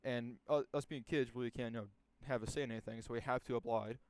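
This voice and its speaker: Young male storyteller, laid-back and rambling, crude language, mid pitch, dry recording. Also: steady tone, quick pace, clean tone, dry recording. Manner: rambling, profane, many restarts and fillers. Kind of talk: casual storytelling.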